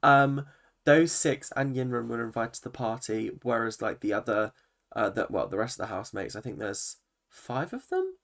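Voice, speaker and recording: A man's voice: medium pitch, moderate pace, creaky. A man, a vlogger giving an opinionated, swear-laden recap of a reality TV episode. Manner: animated, opinionated, swears freely. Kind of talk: ranting reaction commentary.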